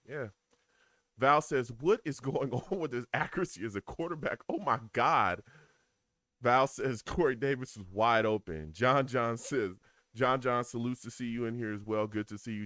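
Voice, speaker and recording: A man whose accent marks him as a New Yorker does casual live commentary on a football game, laughing frequently, staying animated and reading viewer chat aloud. He has a mid-range voice, recorded cleanly in a studio with no echo.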